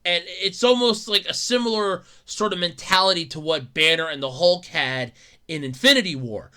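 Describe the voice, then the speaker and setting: Bright-voiced rambling male podcaster. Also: sits high, moderate pace. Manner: rambling, repeats himself, stammering restarts. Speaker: podcast host. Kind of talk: casual solo podcast rant.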